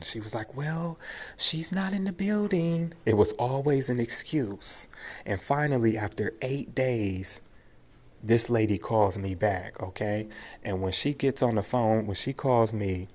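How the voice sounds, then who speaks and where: A man delivering a rambling, emphatic, profane monologue straight to his viewers. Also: fairly low pitch. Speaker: vlogger airing grievances. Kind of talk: casual direct-to-camera monologue.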